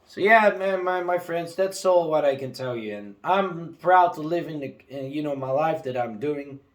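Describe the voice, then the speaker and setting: A young man talking casually to his viewers, swinging between angry outbursts and low, sad muttering, full of "you know" and "man". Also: animated, moderate pace. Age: young adult. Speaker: vlogger. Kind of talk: casual rant to camera.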